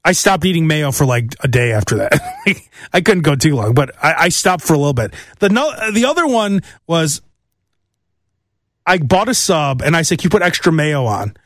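A man's voice: fairly high pitch, sing-song, normal speed, a bit bright, no room sound, studio quality. A man hosting a solo comedic monologue, rambling through stories and mimicking voices. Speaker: podcast host.

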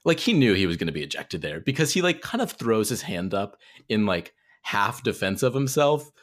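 Low-voiced man rambling in sports chat. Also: big pitch swings, moderate pace. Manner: rambling with many "like" fillers. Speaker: podcast co-host.

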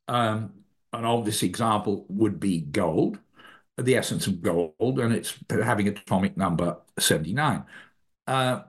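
A man, guest author, explaining ideas in an interview in a measured way, often correcting himself mid-sentence. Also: on the low side.

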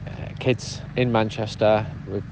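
A man's voice: fairly low pitch, steady tone, unhurried, noisy background. A man giving a casual spoken update to a podcast, telling his story in a chatty, easygoing way. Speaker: podcast contributor sending a voice update.

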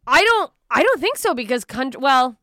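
A woman's voice: high voice, very animated, moderate pace, sharp tone, no echo. A woman comedian guesting on a studio podcast, chatting casually with lots of profanity and self-mocking asides.

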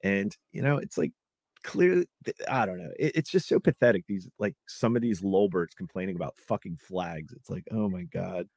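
Low-voiced man ranting, profane. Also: normal speed, a little mellow, no echo. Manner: heated, profane, rambling. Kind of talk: casual political chat.

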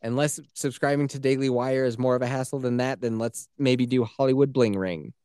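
A man co-hosting a casual podcast, talking in a profane, animated way and laughing often. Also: medium pitch, a little fast, clear, resonant tone, dry recording, clean studio sound. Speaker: podcast co-host.

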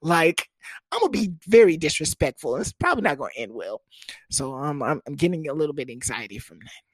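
Animated young man telling a story. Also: on the high side, fairly quick, no room sound. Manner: animated, profane, lots of fillers. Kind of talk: casual comedic storytelling.

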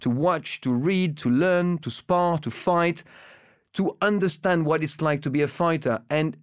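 A man with a French accent chats as co-host, his voice smooth and clear and pitched a touch high. He speaks earnestly and in a reflective way, letting his thoughts run on in long musing stretches. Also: a little slow. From France. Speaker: podcast co-host. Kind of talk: casual chat.

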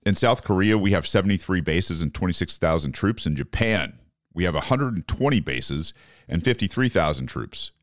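Deep-voiced man ranting in profane disbelief. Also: animated, normal speed, no echo, clean studio sound. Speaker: podcast host. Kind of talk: opinionated political commentary.

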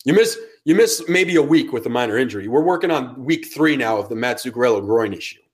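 A man's voice: medium pitch, lively intonation, quick pace. A man with a New York accent, co-hosting a sports podcast in casual chat, ranting heatedly and swearing. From Connecticut. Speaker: podcast co-host.

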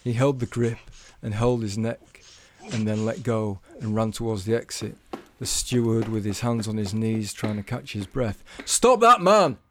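A man telling a comic story in a measured, deadpan way. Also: on the low side. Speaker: storyteller guest.

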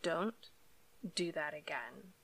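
A woman voicing a playful, headstrong young female mermaid with a soft, strange voice in a storybook reading. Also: medium pitch, moderate pace, voice pushed up, lightly acted. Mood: stern.

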